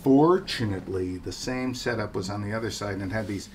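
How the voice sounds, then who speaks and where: A man's voice: fairly low pitch, a little fast, darkish tone, slight background noise. An older man telling a story from his youth in a candid, self-mocking way, laughing as he goes. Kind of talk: casual spoken anecdote.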